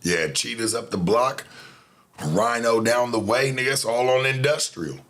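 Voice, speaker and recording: A man's voice: medium pitch, moderate pace, a bit bright, slight background noise. A man hosting a show, telling a story in a casual, profane monologue full of street slang. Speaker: show host.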